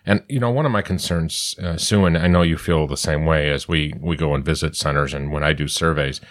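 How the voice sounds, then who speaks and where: A very low-pitched man in his sixties talks quickly and earnestly, pressing his points and repeating them for emphasis. His delivery is conversational but insistent. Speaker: podcast host on surgery center quality. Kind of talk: conversational discussion.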